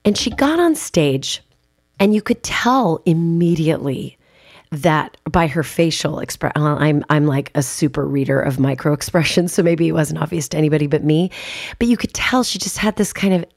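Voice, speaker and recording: Woman podcast host, speaking coach; low, gravelly voice, emphatic and chatty, with a dry close sound. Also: normal speed, darkish tone, no echo. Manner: emphatic, chatty storytelling with casual asides. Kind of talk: conversational podcast monologue.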